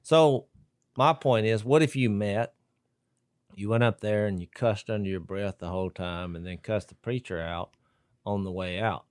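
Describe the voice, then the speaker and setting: A man with a low voice joins a casual faith podcast, arguing his point through wry jokes and rhetorical questions. The room sound is dry, with the mic close. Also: normal speed, smooth, dry recording. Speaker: podcast co-host.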